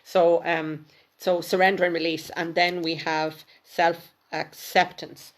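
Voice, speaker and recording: A woman giving a live intuitive card reading, speaking to viewers by name, gently repeating words and trailing off into near-whispers. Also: on the low side, little pitch movement, slow. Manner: chatty, addresses viewers by name.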